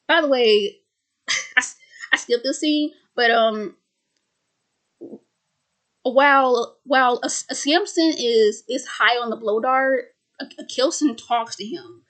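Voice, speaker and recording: A woman's voice: a little high, slow, pauses often, fairly bright tone. A young woman casually recapping a film, stuttering and restarting words often. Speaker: video creator.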